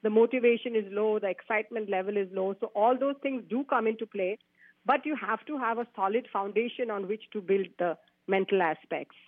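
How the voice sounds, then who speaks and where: A woman's voice: medium pitch, brisk, no echo. A chatty woman guest speaks over a thin, phone-like line with a dry, close sound. She laughs easily and often restarts her sentences as she explains. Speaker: golf instructor guest. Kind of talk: casual radio interview. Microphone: phone call.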